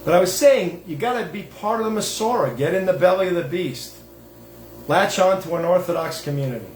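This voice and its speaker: A man giving a rambling religious monologue, emphatic and full of restarts. His voice sits fairly high. The room is echoey, with a faint background hiss. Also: a little fast, a little mellow. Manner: emphatic, digressive, many restarts and fillers. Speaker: host and self-styled rabbi.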